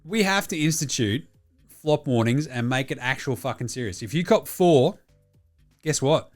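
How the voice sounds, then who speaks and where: A man's voice: medium pitch, expressive, moderate pace, soft background music. An Australian man hosting a solo sports talk show, bluntly rambling and swearing constantly as he reads out listener messages. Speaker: podcast host.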